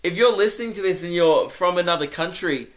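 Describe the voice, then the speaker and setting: A man's voice: high voice, fairly quick. A young man hosting a solo comedy podcast, rambling and self-mocking and laughing at his own jokes.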